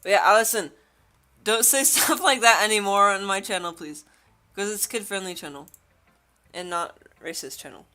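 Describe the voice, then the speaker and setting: A woman's voice: medium pitch, normal speed, bright, forceful tone. A woman livestreaming a game, chatting with her viewers and laughing often. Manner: giggly, chatty, talks to chat. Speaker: streamer. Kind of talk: livestream gameplay commentary.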